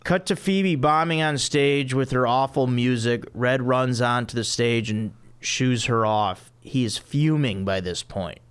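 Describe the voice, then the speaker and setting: A man hosting a podcast, reading the stage directions of a comic script in a deadpan way. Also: mid-range voice, unhurried, hardly any pauses, clear, resonant tone. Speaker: podcast host.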